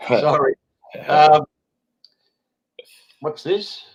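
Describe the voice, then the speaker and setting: Brief: Aussie male host, blunt and irritable, swears freely, slightly high voice, video call. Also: extremely slow, highs cut off. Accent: Australian. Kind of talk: casual online roundtable chat.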